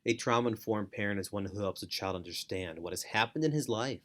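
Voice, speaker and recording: Slightly fast and a bit bright, this low-leaning male voice belongs to a middle-aged foster parent and parenting educator. He earnestly instructs parents, repeating key phrases to emphasize them.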